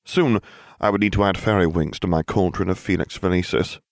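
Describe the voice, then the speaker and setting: A man reading a first-person story aloud with dry, deadpan comic delivery. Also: low voice, a little fast, vocal fry, no room sound. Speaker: narrator.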